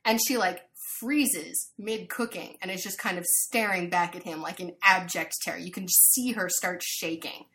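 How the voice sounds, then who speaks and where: Bright-voiced woman telling a story. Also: lowish voice, normal speed, few pauses. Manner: animated storyteller, lots of fillers. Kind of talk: casual chat.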